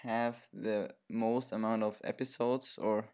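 A young man co-hosting a casual podcast, hesitant and halting as he talks. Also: lowish voice, level tone, a little mellow, clean tone. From Germany and Chile. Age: young adult. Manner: halting, hesitant, restarts a lot. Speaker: podcast co-host.

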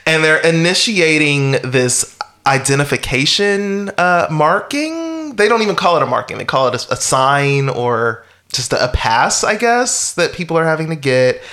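His voice sits fairly high and comes across pushed and bright, very animated yet delivered at a measured pace. As a podcast co-host, he recaps a film in a loose, wry ramble, peppered with chuckles and fillers.

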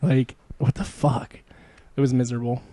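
A man's voice: mid-range voice, level tone, moderate pace, mellow, no echo. A young man chatting casually with a friend, rambling, swearing a lot and laughing often. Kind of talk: casual chat.

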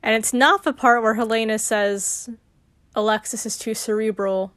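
A woman's voice: fairly high pitch, fairly even intonation, moderate pace, fairly bright tone, no room sound. A young adult woman casually chatting on her podcast, giggly and rambling, with many fillers and restarts. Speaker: podcast host.

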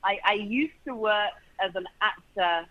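A man's voice: high-pitched, measured pace, lo-fi sound. A man with a British accent, chatting as an interview guest, restarting his sentences and laughing easily. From Britain. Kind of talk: casual interview chat.

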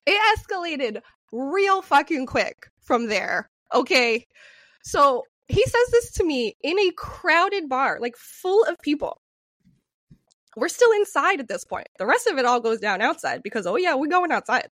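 A woman tells a story on a podcast in a loose, chatty way, swearing as she goes and laughing often. Her voice sits a little high and swings widely up and down. The sound is dry and close, with no room around her. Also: big pitch swings, a little slow, a bit bright, dry recording. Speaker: podcast co-host. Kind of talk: casual storytelling chat.

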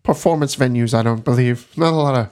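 A man's voice: medium pitch, darkish tone, lightly acted. A man voicing a friendly, chatty half-elf woman who keeps a tavern, with a put-on Scottish-sounding accent. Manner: chatty, apologetic about the slow pub.

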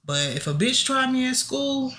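A young woman co-hosting a podcast, chatting casually in a blunt, profane, animated way. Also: normal speed. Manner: blunt, profane and animated, with sudden pitch jumps. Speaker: podcast co-host. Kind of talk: casual chat.

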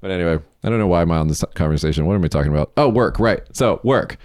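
A man hosting a casual podcast chat, a rambling, animated storyteller who acts out what others said. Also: low voice, racing, dry recording, studio quality. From United States. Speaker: podcast host, company CEO.

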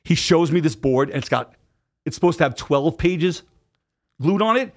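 A middle-aged man telling a personal story in a casual interview, emphatic and animated. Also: fairly high pitch, normal speed. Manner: emphatic, animated retelling with acted quotes and profanity. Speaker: podcast guest.

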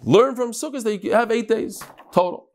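A man teaching a Talmud class in a lively, joking lecture style, sometimes chanting phrases. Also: very high-pitched, moderate pace.

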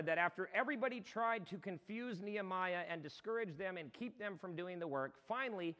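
A man preaching a sermon in a high, bright voice, talking to the congregation like friends and rising now and then to a shout. His voice rings out with a long hall echo behind it, as if from a church sanctuary. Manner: impassioned, conversational preaching with sudden shouts. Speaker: pastor.

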